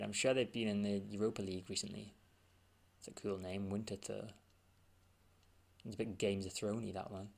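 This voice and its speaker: A man with a gravelly, slightly low voice talks through gameplay in a casual, offhand way. He thinks aloud and mutters to himself as he scans results on screen. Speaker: gaming channel host.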